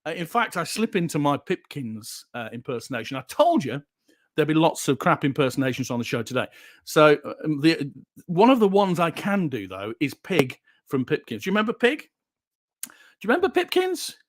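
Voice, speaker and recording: A man hosts a casual livestream and chats in a jokey way as he reads out viewer comments. His voice sits high and moves around a lot. The sound is dry and close. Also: very animated, normal speed, dry recording. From Yorkshire, England. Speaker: livestream show host.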